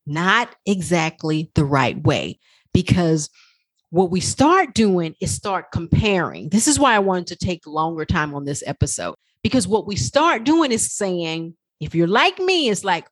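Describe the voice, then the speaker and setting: A woman life coach talking through a podcast monologue, animated and profane, acting out her own inner voice. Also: lowish voice, unhurried, slightly rough.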